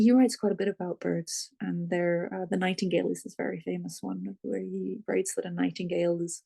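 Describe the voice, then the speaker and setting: Author guest in an interview, super gravelly voice, kinda husky, keeps pausing with ums while thinking it through. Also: medium pitch, warm tone. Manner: thoughtful, searching for words, many fillers. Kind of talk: reflective interview talk.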